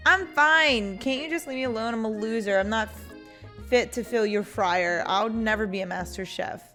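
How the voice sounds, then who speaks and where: A woman reading the lines of a sulking young chef heroine from a dating game, in a self-pitying voice raised in pitch. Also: moderate pace, sharp tone, soft background music. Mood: sulky. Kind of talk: reading game dialogue aloud.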